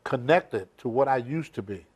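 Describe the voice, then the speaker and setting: A man's voice: mid-range voice, expressive, normal speed, darkish tone, slightly rough. Older man telling rambling wrestling stories. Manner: rambling, emphatic storytelling with dropped grammar. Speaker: interview guest. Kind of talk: shoot interview storytelling.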